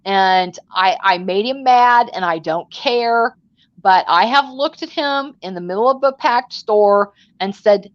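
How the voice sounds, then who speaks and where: A woman's voice: medium pitch, measured pace, no echo, highs cut off. A woman hosting a casual chat, telling stories in a chatty way and acting out the dialogue. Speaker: host.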